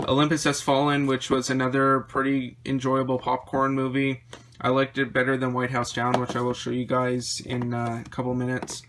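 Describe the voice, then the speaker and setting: A man vlogging about his movie collection, rambling through titles with quick opinions, his voice a little worn. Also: medium pitch, completely flat delivery, background noise. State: slightly losing his voice. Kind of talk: casual chat showing a collection.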